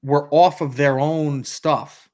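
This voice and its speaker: A man's voice: a little high, fairly even intonation, slow pace, a little mellow. A middle-aged man co-hosting a podcast, talking bluntly and telling stories about managing an office. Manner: blunt, storytelling with acted quotes. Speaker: podcast co-host. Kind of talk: casual podcast conversation.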